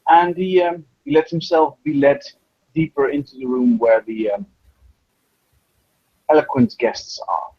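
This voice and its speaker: A man player in a tabletop role-playing game, describing his character's entrance in a slow, halting way. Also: a little high, steady tone, breathy edge, no echo, muffled recording.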